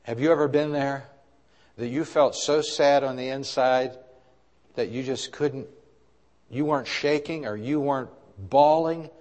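A man preaching a sermon at a mid pitch, his voice carrying a long reverb through a large church hall. He asks the congregation questions and swings from soft, low passages to loud, raised ones. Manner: preaching with rises and drops in loudness, asking the congregation questions. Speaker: pastor.

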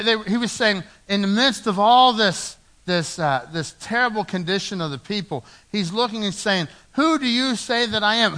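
A man preaching a sermon as pastor in a church, swinging from loud emphatic lines to low, hushed ones.

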